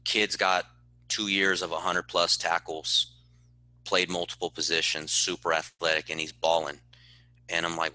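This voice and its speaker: A man's voice: deep voice, level tone, normal speed, sharp tone, no echo. A man who is a football head coach, answering in a podcast interview in an earnest, passionate way and repeating words when he stresses a point.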